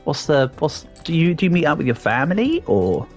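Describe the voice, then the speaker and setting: Lively-voiced English man streaming a game. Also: fairly high pitch, brisk, faint music behind. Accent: English, fairly posh southern English. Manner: chatty, playful, trailing off with ums and restarts. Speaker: livestreamer reading chat. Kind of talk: casual livestream chat while gaming.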